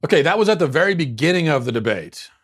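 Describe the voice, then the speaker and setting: A man's voice: a little high, very animated, fast talker, a bit bright, slightly rough. Sarcastic male political show host. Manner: sarcastic, mocking, with lots of restarts. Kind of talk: casual commentary.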